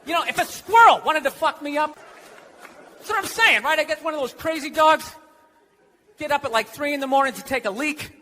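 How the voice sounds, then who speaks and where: A man's voice: very high-pitched, expressive, a little fast, long pauses, bright, forceful tone. A male American stand-up comedian doing a sarcastic, swearing rant in a comedy club, with a handheld stage mic. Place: comedy club stage before a laughing crowd. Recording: live club recording with crowd noise.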